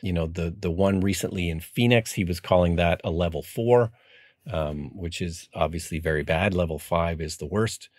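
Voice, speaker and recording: Low-voiced earnest podcast co-host man. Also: moderate pace, a little mellow, dry recording, clean studio sound. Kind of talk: casual podcast chat.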